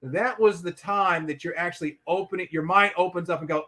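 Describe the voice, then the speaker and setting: A man with a high, bright and forceful voice talks as a guest in a conversational interview. He speaks emphatically and slips into little acted-out voices when he quotes people. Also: fairly quick, few pauses. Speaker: podcast guest.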